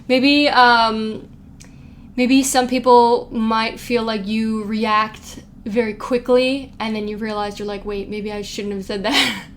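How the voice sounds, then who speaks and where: Speaking a little slowly in a steady, medium-pitched voice, a young tarot reader offers a casual pick-a-card reading. She's chatty and giggly as she reads quotes aloud with playful asides, and there's slight background noise.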